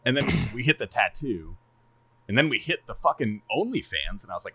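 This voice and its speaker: A man casually chatting on a podcast, animated and laughing a lot, swearing freely and stumbling over repeated words. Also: fairly low pitch, a little fast, husky. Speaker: streamer and podcast co-host.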